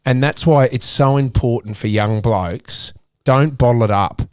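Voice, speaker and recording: Here the same Australian guest in his thirties talks at a measured pace in a medium-pitched, clean voice. He stays candid, earnest and emotional, frequently starting his sentences over. The recording is dry and studio quality.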